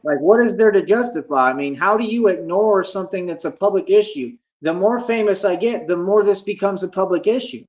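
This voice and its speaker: A man's voice: high voice, a little fast, few pauses, darkish tone, muffled recording. A man ranting defiantly at his chat during a phone livestream, boastful and combative.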